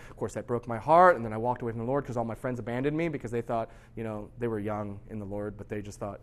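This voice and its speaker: A young adult man preaching a sermon to a youth group as their pastor. He moves between hushed, low stretches and loud, intense ones, and acts out quoted thoughts by repeating them. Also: very fast, few pauses.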